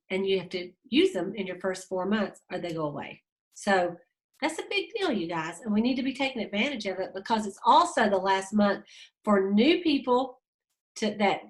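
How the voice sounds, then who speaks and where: A woman, leading a sales team and giving a casual, fast, chatty training talk aimed straight at her listeners. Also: mid-range voice. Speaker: direct sales team leader.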